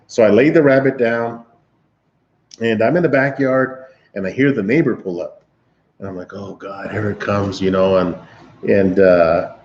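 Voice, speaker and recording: A man's voice: lowish voice, fairly even intonation, moderate pace, darkish tone, dull audio. A man hosting a livestream, casually telling a long, laughing story to his chat with lots of restarts. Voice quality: rambling, laughing, with frequent restarts. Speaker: livestream host.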